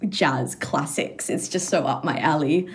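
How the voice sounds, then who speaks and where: A woman with a low voice and an Australian accent touched by English vowels chats as a guest on a music podcast. She laughs often and talks in a loose, relaxed way. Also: measured pace, slight background noise. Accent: Australian, slightly anglicised. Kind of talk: casual interview chat.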